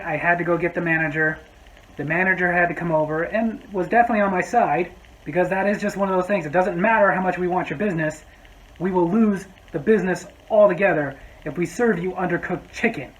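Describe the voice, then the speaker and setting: A man's voice: high-pitched, a little fast, rough recording. A man telling a story from his restaurant job in a vlog, with sarcastic, exasperated asides. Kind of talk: storytime monologue.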